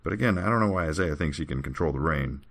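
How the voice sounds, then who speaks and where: A man's voice: a bass voice, lively intonation, quick pace, gravelly. A podcast host, a man, reading scripture aloud and breaking off into wry joking asides in casual chat.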